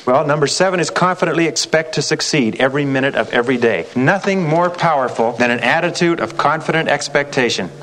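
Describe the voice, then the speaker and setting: A man's voice: on the high side, brisk, hardly any pauses, a bit bright, a little hiss or hum. A man leading a motivational sales seminar as a sales trainer, emphatic and repetitive, often asking the audience rhetorical questions.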